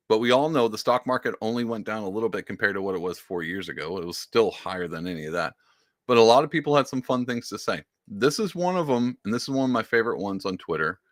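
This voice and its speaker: A sarcastic male podcast host reads posts aloud and leans hard on the words he wants to stress. His voice is bright and forceful. The sound is close and dry. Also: lowish voice, no echo. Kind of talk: casual commentary.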